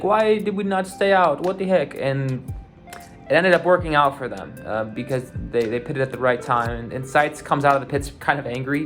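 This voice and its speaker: A man at an ordinary middle pitch recaps a race in a relaxed, rambling way, full of "uh" and restarted phrases. He talks like a casual host chatting to his listeners. Faint guitar music plays underneath. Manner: relaxed, loose, many fillers and restarts.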